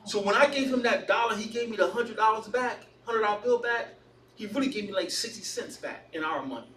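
A man with a strikingly high voice leads a casual Bible study, telling stories in an animated way and circling back over his words. He sits well away from the mic in an echoey room. A faint hiss runs underneath. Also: a little fast, far from the mic. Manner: animated, storytelling, repeats himself.

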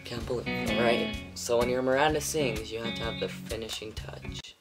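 A young man vlogging casually, awkward and self-deprecating, often mumbling softly. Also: mid-range voice, normal speed, music in the background. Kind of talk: casual home vlog.

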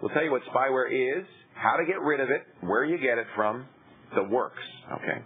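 A man's voice: medium pitch, animated, moderate pace. A man hosting a live TV call-in show, playful and jokey, and getting over a cold. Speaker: tech call-in show host. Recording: lo-fi, phone-like web rip.

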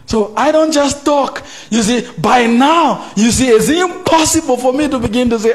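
A man preaching as pastor at a church service, reading scripture aloud, questioning the congregation and rising into loud, drawn-out emphasis. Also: very high voice, breathy edge. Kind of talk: sermon.

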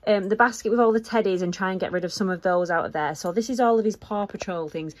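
Woman, casual home vlogger, chatty and rambling, mid pitch. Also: fast. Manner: chatty and rambling, with many fillers. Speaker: vlogger and mum. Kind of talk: casual home vlog chat. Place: child's bedroom at home.

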